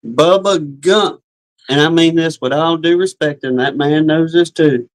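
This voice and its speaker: A man's voice: on the high side, steady tone, normal speed, no room sound, rough recording. Folksy man hosting a chat. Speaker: host. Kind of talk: casual chat.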